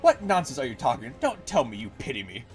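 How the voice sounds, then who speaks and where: A man's voice: mid-range voice, sing-song, quick pace, soft background music, lightly acted. A man reading a haughty, mocking female demon goddess aloud from a game. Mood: scornful. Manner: imperious and mocking.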